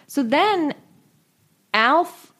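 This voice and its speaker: A woman's voice: high voice, expressive, drawn-out words, fairly bright tone. A woman co-hosting a podcast, casually recapping a cartoon with profanity and quoted voices. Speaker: podcast co-host.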